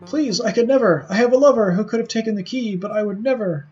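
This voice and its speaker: A man voicing a frightened noblewoman in a video game, with a high, pleading and anxious delivery. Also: fast talker, darkish tone, recorded from a distance, muffled recording, faint music behind, close to an everyday voice.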